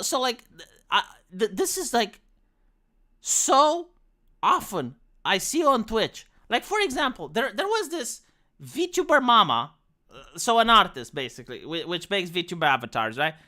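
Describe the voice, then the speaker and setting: A woman's voice: mid-range voice, wildly swooping pitch, measured pace, pushed and bright. A young woman streamer giving blunt, sweary casual commentary with lots of restarts, from Romania.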